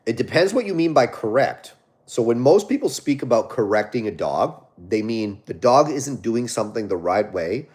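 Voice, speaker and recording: A man's voice: medium pitch, very animated, normal speed, a little mellow. A man, a dog trainer, hosting a casual live stream where he reads viewer questions and answers them, often tagging his points with "right?".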